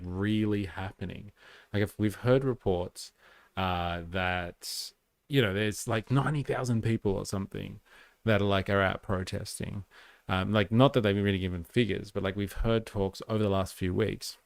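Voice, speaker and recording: A gravelly, lower-voiced man with a Western Sydney Australian accent, talking in a casual, rambling way full of "like" fillers as he reads out viewer comments. The recording is dry and close, with no room sound. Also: dry recording. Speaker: live stream host. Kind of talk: casual political commentary stream.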